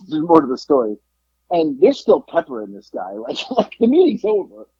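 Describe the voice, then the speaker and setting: A man's voice: on the high side, wildly swooping pitch, normal speed, a little mellow, breathy edge, highs cut off. A man from South Florida co-hosting a podcast, telling a story in casual chat, acting out quotes and swearing freely. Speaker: podcast co-host.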